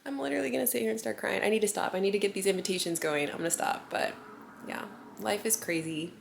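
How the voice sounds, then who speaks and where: A woman's voice: mid-range voice, quick pace, gravelly, a little hiss or hum. Chatty, rambling mom vlogger woman. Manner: rambling, filler-heavy, giggly. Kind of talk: casual chat to camera.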